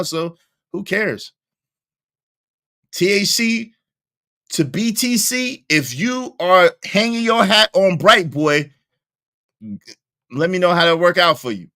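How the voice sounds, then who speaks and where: A man hosting a live stream, giving loud, animated commentary full of slang and frequent laughter. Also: a little high. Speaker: livestream host.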